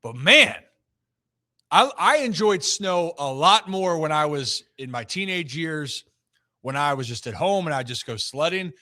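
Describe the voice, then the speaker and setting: A young man with a high, bright voice holds forth on a casual sports talk show. He rants in an animated way and tells a story as he goes. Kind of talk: casual chat.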